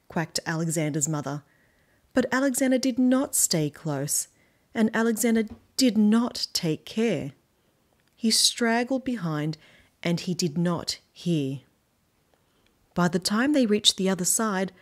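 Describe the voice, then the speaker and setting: A woman with an Australian accent reading a children's picture book aloud in a slow, expressive storytelling voice. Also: medium pitch. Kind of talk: children's read-aloud narration.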